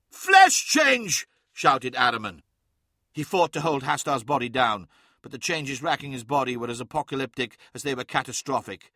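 A man reading dramatic fiction aloud as an audiobook narrator, in measured, vivid storytelling. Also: mid-range voice, bright, forceful tone, dry recording, clean studio sound.

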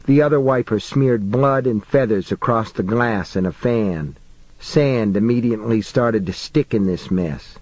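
A man narrates a suspense story in an unhurried, deliberate pace. His delivery is measured and builds quiet tension. The recording is close and dry, with no room sound at all. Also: medium pitch, no room sound, low-quality recording. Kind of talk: audiobook narration.

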